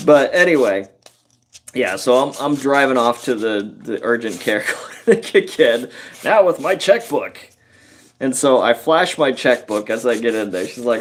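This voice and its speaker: A man hosting a carpentry livestream, telling a story in a rambling, halting way with many fillers and chuckles. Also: medium pitch. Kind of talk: casual storytelling while working.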